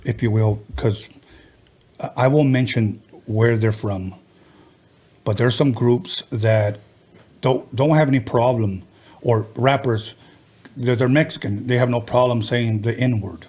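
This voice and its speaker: A man's voice: medium pitch, fairly even intonation, measured pace, a little mellow. A man hosting a podcast, talking bluntly and animatedly in casual chat, swearing freely. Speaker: podcast host.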